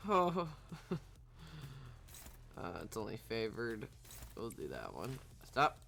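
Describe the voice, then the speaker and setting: Gravelly, lively male game streamer. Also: lowish voice, slow pace, pauses often. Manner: laughs often, excitable reactions to chat. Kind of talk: casual gaming commentary, reading chat.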